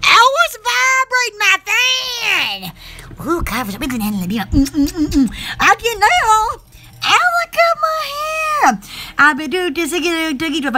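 A young woman from Alabama chatting casually on a live stream, greeting viewers in a scattered, excitable way. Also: very high voice, a little slow. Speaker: channel host.

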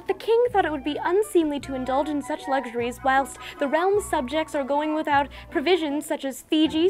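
High-voiced woman narrating a satirical fairy tale. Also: brisk, soft background music. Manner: deadpan satirical storytelling. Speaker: host and storyteller.

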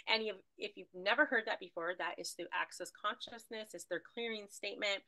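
A woman energy healer talking casually and animatedly, rambling with fillers as she guides a spiritual clearing. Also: medium pitch, brisk, pushed and bright, dry recording, low-quality recording. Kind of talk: casual spiritual healing talk.

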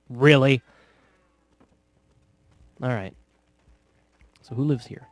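A man casually commenting on a video game, joking sarcastically with bursts of loud laughter. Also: mid-range voice, moderate pace, pauses often, dry recording, clean studio sound. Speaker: gameplay commentator. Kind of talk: casual let's play commentary.

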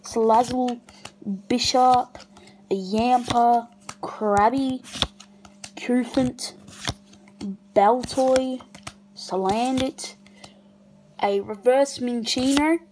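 A woman opening trading card packs on camera in casual commentary, breaking into excited shrieks over good pulls. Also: fairly high pitch, drawn-out words, pauses often, slight background noise, low-quality recording.

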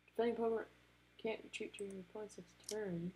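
A woman giving casual commentary while playing a card game, excitable, talking to the cards and groaning or cheering at each turn. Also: medium pitch, fast. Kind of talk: casual let's-play commentary.

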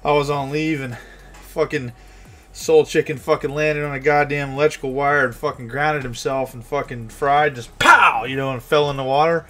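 A man's voice: fairly high pitch, steady tone, moderate pace, sharp tone, soft background music. A man hosting a livestream, joking around and swearing in casual chat. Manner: profane, joking. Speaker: channel host.

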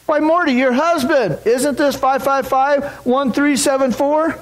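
A man's voice: extremely high pitch, steady tone, a little slow, voice pushed up, rough recording. A man voicing a cheerful, kind older woman who soothes a caller with motherly reassurance, in a sermon story. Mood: surprised.

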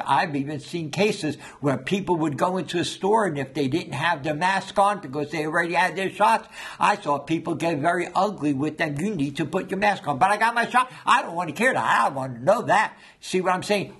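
A man's voice: a little high, slightly rough. A man pastor preaching a sermon, telling a story and acting out the voices in it.

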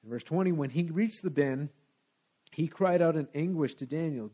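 A man's voice: a little high, moderate pace, dark tone, breathy edge. A man preaching a sermon in a church, talking in a conversational, casual way. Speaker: pastor. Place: church sanctuary.

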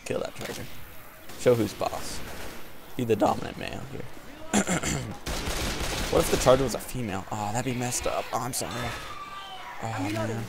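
A man's voice: mid-range voice, lively intonation, normal speed, vocal fry, pauses often, very noisy. A man rambling and joking as he comments on a video game, talking to its characters. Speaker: gaming video host. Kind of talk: let's play commentary. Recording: game gunfire over voice. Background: video game gunfire and ambience.

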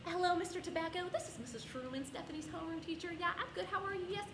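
A stern middle-aged schoolteacher, put on by a woman storyteller, slow and pointed as she presses a student. The voice sits high and carries through an echoey room over a bed of background noise. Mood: polite.

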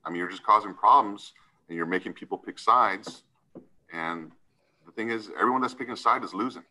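A man's voice: lowish voice, a little fast, pushed and bright, rough recording. A man serving as a judge, sternly lecturing a defendant in a courtroom hearing and often tagging his points with "right?".

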